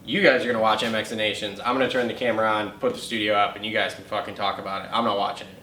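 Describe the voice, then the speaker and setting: A man's voice: lowish voice, little pitch movement, very fast, sharp tone. A man co-hosts a casual show in a blunt, dry manner with curt replies. He is recorded in a roomy, echoey space with faint hiss behind him. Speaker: podcast co-host. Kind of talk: casual chat. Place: home studio. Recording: echoey room with faint noise.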